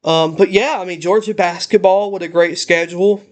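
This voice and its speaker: A young man ranting in a casual home vlog, emotional and halting with many restarts, recorded on a laptop in his parents' house. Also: high voice, fairly even intonation. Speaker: channel host.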